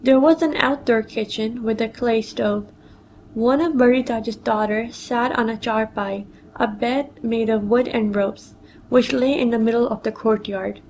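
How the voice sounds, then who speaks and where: A woman's voice: fairly high pitch, steady tone, a little slow, darkish tone, slight background noise, poor audio. A woman reading a personal memoir story aloud, telling it plainly and quoting others in her own voice.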